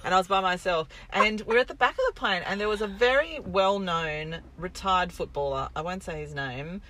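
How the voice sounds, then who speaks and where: A woman's voice: lowish voice, normal speed, fairly bright tone. A middle-aged woman, co-hosting a podcast and telling wry anecdotes in casual chat. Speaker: podcast co-host.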